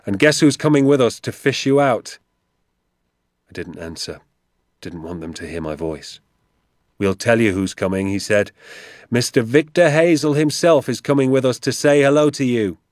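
A man voicing an injured father who speaks in a firm, reassuring, low-key way. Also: lively intonation, moderate pace, no echo, clean studio sound, natural voice. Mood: calm, steady. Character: injured father, calm and steady despite pain.

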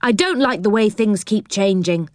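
A woman's voice: medium pitch, animated, moderate pace, dry recording, studio quality, natural voice. A woman voicing Joe, an earnest boy who takes charge, in a storybook reading. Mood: firm. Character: bossy eager boy Joe.

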